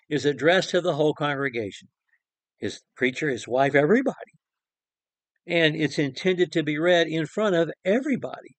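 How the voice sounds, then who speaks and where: A man's voice: on the high side, no echo. A man preaching a short devotional Bible talk in an earnest, emphatic way, repeating phrases and restarting sentences.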